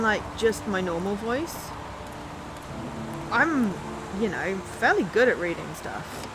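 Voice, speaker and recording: A woman's voice: medium pitch, sing-song, measured pace, noisy background. A woman game streamer chatting casually and self-deprecatingly while playing, with lots of fillers and laughs.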